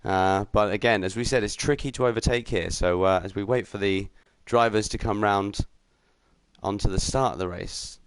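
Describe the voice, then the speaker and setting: A man giving upbeat live commentary on a sim racing league stream, chatting with viewers and filling pauses with ums and uhs. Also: on the low side, clean tone, no room sound. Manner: greets chat viewers while commentating.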